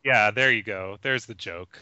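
A man's voice: lowish voice, a little slow, sharp tone, clear, resonant tone, dry recording. A man joking and bantering in a casual gaming chat. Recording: dry, slightly dull lo-fi audio.

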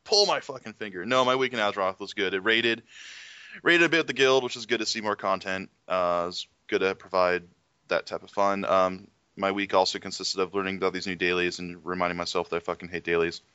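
A man's voice: low-pitched, steady tone, brisk, sharp tone, clear, resonant tone, no room sound. A man co-hosting a casual gaming chat, telling stories and ranting with a lot of swearing. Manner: profane, ranting storyteller. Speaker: podcast co-host. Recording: dry, slightly dull lo-fi audio.

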